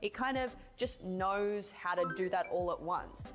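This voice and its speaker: A woman reporting on technology in a relaxed, explanatory news voice. She walks through demos plainly as she talks. Faint music sits under her voice. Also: medium pitch, unhurried. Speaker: tech reporter.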